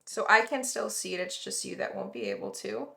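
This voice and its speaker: A woman talks through a tarot spread in a loose, rambling way, full of "like" and "um". Her voice is bright and forward, and the sound bounces around an echoey room. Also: mid-range voice, a little fast, creaky. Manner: rambling, conversational, reassuring, many fillers. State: yawning, tired. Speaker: tarot reader. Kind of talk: casual tarot reading to viewers.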